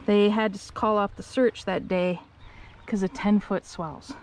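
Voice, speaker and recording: A woman kayak angler talking to her camera while fishing outdoors on a windy lake, chatty and candid, breaking into excited whoops. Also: medium pitch, unhurried. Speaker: kayak angler filming her tournament day. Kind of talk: casual vlog narration while fishing. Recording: strong outdoor wind noise.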